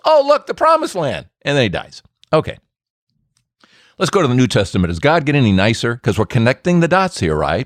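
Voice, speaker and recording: A man hosting a Catholic faith talk who tells stories in an animated, joking way. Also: mid-range voice, dry recording, clean studio sound. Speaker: Catholic speaker and podcast host.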